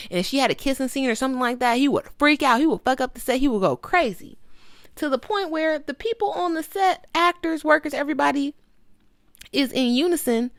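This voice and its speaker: A woman's voice: high voice, animated, brisk, no echo, clean studio sound. A young woman giving a sassy, emphatic casual commentary as she reviews a documentary.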